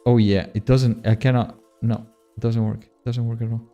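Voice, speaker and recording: A man's voice: mid-range voice, level tone, moderate pace, mellow, faint music behind. A man streaming a game, chatting casually with viewers, swearing and poking fun at himself. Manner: casual, self-deprecating, swears often, laughs at himself. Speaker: streamer and modpack creator. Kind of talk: casual live-stream gameplay chat.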